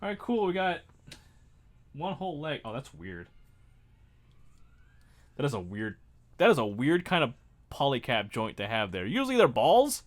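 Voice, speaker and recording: Man, livestream host, casual rambling chat, self-mocking, lively up-and-down pitch. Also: normal speed, pauses often. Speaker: livestream host building a model kit.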